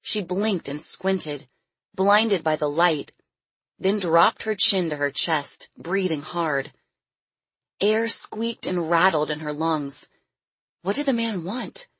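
A woman narrates a storybook in a low, husky voice, measured and expressive. Her voice sounds close and dry, with no room around it. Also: no echo. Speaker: audiobook narrator.

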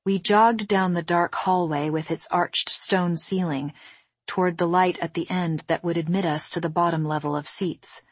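A woman narrating a first-person novel in a steady, measured storytelling voice. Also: lowish voice, husky, no echo. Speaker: audiobook narrator.

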